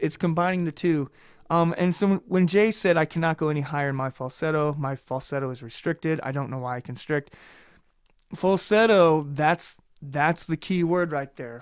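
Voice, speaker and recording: A man giving a casual singing lesson as a vocal coach. He talks loosely and chattily, with many ums and restarts, and his voice sounds a little tired. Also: fairly high pitch.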